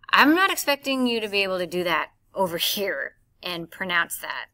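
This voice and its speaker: A woman's voice: mid-range voice, animated, unhurried, bright, forceful tone. A woman teacher recording a lesson for her class, explaining step by step and reading verse aloud with heavy stress on the beats.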